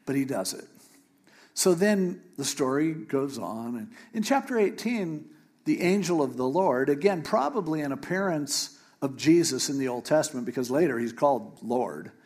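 A man preaching a sermon, retelling a scripture story in a lively, joking way with paraphrased dialogue. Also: a little high, moderate pace. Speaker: pastor.

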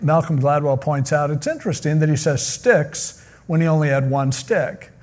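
Male pastor, sermon, slightly high voice, casual joking storyteller. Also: moderate pace, darkish tone. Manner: casual, joking storyteller who acts out quotes. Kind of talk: sermon retelling a Bible story.

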